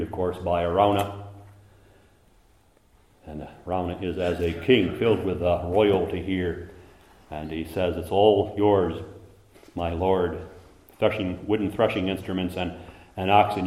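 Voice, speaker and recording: Male preacher, low voice, passionate sermon delivery with big dynamic swings, roomy reverb. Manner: impassioned, swells to loud emphasis and drops to hushed asides.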